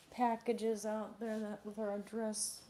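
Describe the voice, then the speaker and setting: A woman chatting casually on a livestream at home, often dropping to soft murmurs and sing-song repetition. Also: mid-range voice, level tone, slow, slight background noise. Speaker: livestream host.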